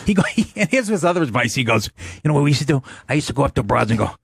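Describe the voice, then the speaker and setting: A man's voice: mid-range voice, racing, creaky, breathy edge, dry recording, studio quality. A middle-aged man, hosting a call-in podcast and telling stories full of swearing and laughter. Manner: animated, profane storyteller who laughs a lot. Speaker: podcast host.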